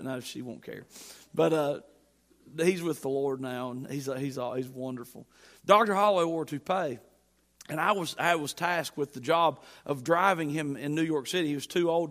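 Emphatic preaching man, fairly high voice. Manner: emphatic, rising to loud peaks, storytelling with humor. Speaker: pastor. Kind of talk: sermon.

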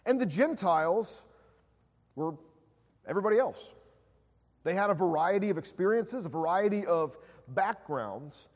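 A man's voice: high-pitched, animated, moderate pace, pauses often. A man preaching a sermon, opening in prayer and telling a story with frequent filler words. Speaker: pastor. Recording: long hall reverb.

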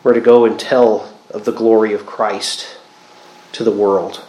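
A man's voice: fairly low pitch, level tone, measured pace, warm tone. Man teaching Bible study in an echoey room. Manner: thoughtful, explanatory, reflective asides. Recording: roomy echo.

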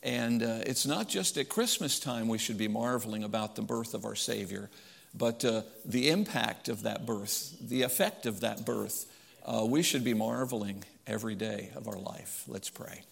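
An older man, a pastor, giving a sermon in a halting, hesitant way with frequent pauses. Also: fairly low pitch, vocal fry.

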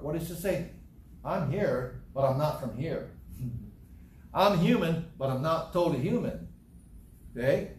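A man preaching in a church or hall, voice somewhat high for a man. He teaches emphatically, repeats his phrases and answers his own questions. The sound is roomy and echoey, picked up from a distance. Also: expressive, unhurried, pauses often, a little mellow, a little hiss or hum. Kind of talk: sermon, Bible teaching.

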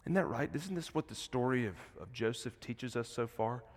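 Male preacher, mid-pitched, shifting from hushed to booming, long church reverb. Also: lively intonation, moderate pace. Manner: swings from hushed, soft passages to loud, emphatic preaching. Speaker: pastor. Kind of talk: sermon. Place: church sanctuary.

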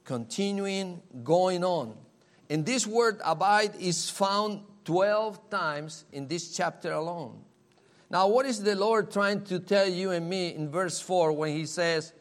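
A man preaching a sermon, earnest and emphatic, repeating key phrases and asking rhetorical questions. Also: high voice. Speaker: pastor.

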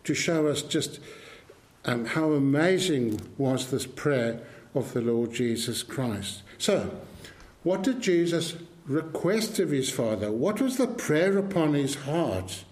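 A man's voice: a little high, sing-song, slow pace, darkish tone. A man preaching a sermon in an earnest, emphatic way, repeating his key phrases for weight.

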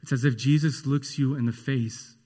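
A man preaching a sermon in a slow, earnest and emphatic way. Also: mid-range voice, steady tone, mellow.

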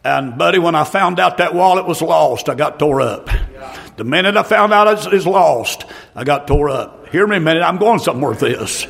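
A middle-aged man preaching a fiery revival sermon, breaking into shouted outbursts between folksy stories. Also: on the high side, lively intonation, normal speed, creaky.

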